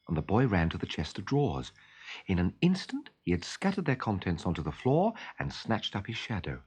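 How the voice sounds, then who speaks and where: A man reading a children's story aloud with expressive, lively narration. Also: on the low side, breathy edge.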